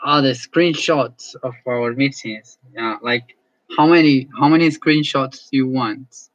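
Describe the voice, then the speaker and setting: A male English teacher chatting casually as he closes an online class, friendly and halting, often repeating words. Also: mid-range voice, no room sound, lo-fi sound.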